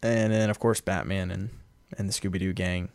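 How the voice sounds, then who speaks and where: A man's voice: low voice, steady tone, normal speed, a little mellow, clear, resonant tone, dry recording, clean studio sound. A man co-hosting a casual podcast, laughing often as he retells cartoon scenes. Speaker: podcast co-host. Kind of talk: casual chat.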